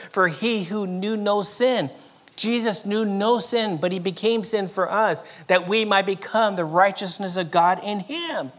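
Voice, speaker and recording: Pastor, male, from Southern California; dynamic preaching with loud and near-whispered passages. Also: high voice. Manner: dynamic preaching, swinging from loud emphatic lines to soft near-whispers, with chuckles. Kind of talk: sermon.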